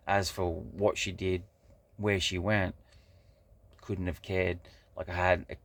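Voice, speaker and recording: A man with a low voice talks through his thoughts in an unscripted vlog. His tone is gravelly, with a lot of vocal fry. He swears casually and keeps circling back with "like" and half-finished restarts. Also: level tone, takes it slowly, a bit bright. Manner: rambling and profane, many fillers and restarts. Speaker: vlogger. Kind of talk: casual monologue.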